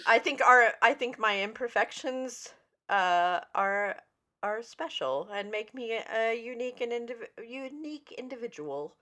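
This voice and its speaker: A woman co-host with a bright, sharp voice and a very lively, bouncing pitch. She talks in a wry, mock-grandiose way. Her casual comedic chat is full of stammered restarts. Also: measured pace. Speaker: podcast co-host.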